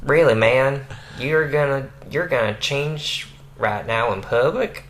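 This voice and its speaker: A man's voice: medium pitch, slow, a bit bright, slight background noise. A man reading the part of a laid-back teenage boy with dreads aloud from a fan fiction, in a casual, unpolished way. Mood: teasing.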